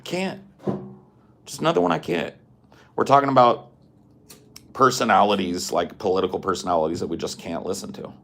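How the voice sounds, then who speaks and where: A man's voice: on the low side, fairly quick, vocal fry, long pauses, fairly bright tone, a little hiss or hum. A man hosting a podcast, ranting in a profane, exasperated, slangy way. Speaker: podcast host. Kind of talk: casual podcast rant.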